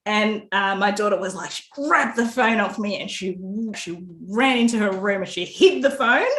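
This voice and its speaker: A woman's voice: medium pitch, normal speed, a bit bright. A woman author, telling a story in a casual interview, laughing often and restarting her sentences. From Australia. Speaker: author guest. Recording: roomy echo.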